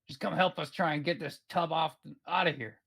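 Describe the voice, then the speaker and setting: A man voicing a cautious male adventurer who wields magic, speaking in a measured, guarded way. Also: a little high, fairly even intonation, creaky, fairly bright tone.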